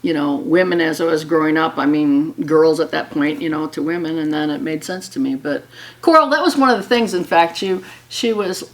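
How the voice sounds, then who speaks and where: An older woman from Wisconsin telling her story to an audience, chatty and quick to laugh. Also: low-pitched. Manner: warm, chatty, laughs often.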